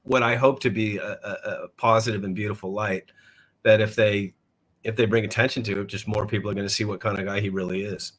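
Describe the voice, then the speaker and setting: A man with a fairly low voice talks casually as a guest on a podcast. He pauses and repeats words as he gathers his thoughts. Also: steady tone, fairly bright tone, poor audio. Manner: halting, repeats words while thinking. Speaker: guest musician. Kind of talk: casual interview chat.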